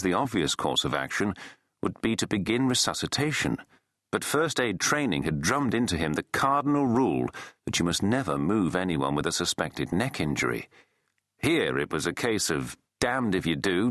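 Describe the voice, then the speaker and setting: Deep-voiced man narrating. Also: no echo, studio quality. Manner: lively, measured storytelling. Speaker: audiobook narrator. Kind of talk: scripted narration.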